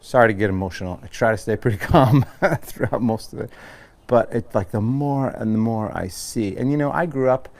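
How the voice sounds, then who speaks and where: A man's voice: mid-range voice, fairly quick, a little mellow. An American man from Long Island, a yoga teacher talking earnestly and rambling with many restarts before guiding a class. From Long Island, New York. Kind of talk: casual yoga class talk.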